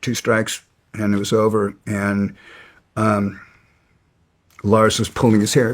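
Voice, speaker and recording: A middle-aged man recounting his past in an interview, halting with frequent restarts. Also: fairly low pitch, level tone. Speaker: guest. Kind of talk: storytelling interview.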